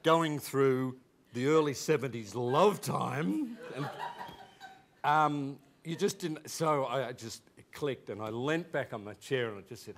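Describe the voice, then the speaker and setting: A man's voice: medium pitch, a little slow. An Australian man in his fifties, animatedly recalling school days with laughter and frequent restarts. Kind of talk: casual anecdotal storytelling.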